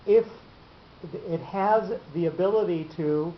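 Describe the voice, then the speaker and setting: A man teaching a class on reading marks. He pauses a lot and stumbles over repeated words. The room is echoey, and the recording sounds muffled under a faint hiss. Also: sits high. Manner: halting, many fillers and repeated words. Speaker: Torah teacher. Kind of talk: explaining cantillation marks in a class.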